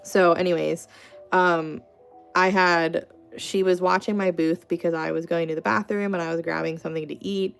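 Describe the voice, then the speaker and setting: A woman's voice: on the low side, fairly even intonation, moderate pace, gravelly, clear, resonant tone, faint music behind. A young adult woman hosting a casual livestream, telling rambling, chatty stories full of "like" fillers and answering chat. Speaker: craft artist hosting a livestream.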